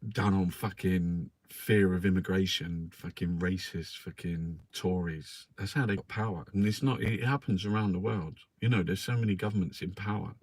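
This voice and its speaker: A man's voice: sits low, moderate pace, few pauses, dry recording. A man who reviews the newspapers in an angry, profane political rant. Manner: angry, profane, swears constantly.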